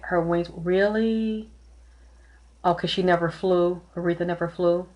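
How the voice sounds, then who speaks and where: A woman giving a live-streamed tarot and spirit reading, talking earnestly and emotionally, often repeating herself. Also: lowish voice. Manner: close to tears at times. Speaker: tarot reader and psychic.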